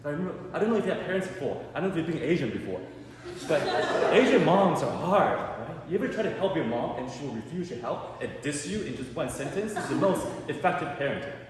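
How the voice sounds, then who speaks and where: A male stand-up comedian tells his stories in an animated way, his pitch swinging widely as he acts out the people in them. His voice rings through a big echoey hall with a long reverb tail. Clear background noise sits under his voice. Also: fast. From Canada. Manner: animated storytelling with acted quotes. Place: art gallery event space with a live audience.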